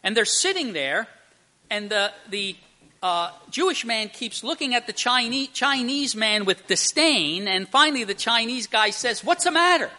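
A man's voice: high-pitched, animated, measured pace, bright, forceful tone. A man preaching a sermon, telling a joke and then explaining a Bible passage, with frequent restarts and emphatic stresses. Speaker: pastor.

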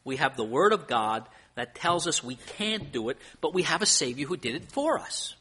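A pastor delivering a sermon in church, his voice bright and forward. He preaches earnestly, with emphasis that rises and falls. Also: on the high side, sing-song, moderate pace, a little hiss or hum.

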